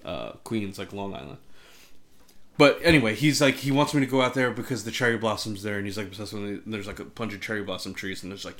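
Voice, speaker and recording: A man casually telling a story and chatting on a podcast, animated, says "like" constantly and swears a lot. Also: lowish voice, fast.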